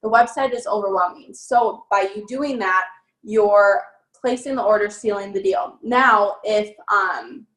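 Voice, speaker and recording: A young network marketing trainer gives a casual sales training talk, upbeat and chatty with plenty of fillers. Her mid-range voice is unhurried and fairly bright, recorded on a phone in an echoey room.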